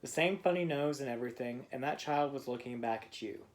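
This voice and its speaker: A man narrating a bedtime story to a child in a gentle, playful way. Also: medium pitch, fairly quick.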